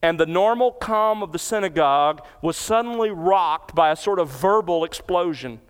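A man's voice: sits high, animated, moderate pace, clear, resonant tone, big-room sound. A man preaching a sermon as pastor, explaining scripture verse by verse with earnest emphasis in a large church. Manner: earnest expository preaching, cites scripture references.

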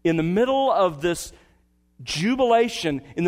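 A man preaching a sermon, his voice sitting a little high. He swings between emphatic, impassioned peaks and soft, earnest appeals to the congregation. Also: expressive, moderate pace. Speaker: pastor.

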